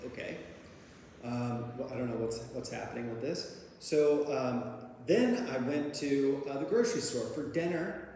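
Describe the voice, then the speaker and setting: In a very echoey hall with long reverb, a man with a mid-range, animated voice and a dark tone tells his own recovery story at a measured pace. His talk is casual and rambling, full of fillers and restarts, and he laughs at his own tale. A faint hiss or hum sits under the recording.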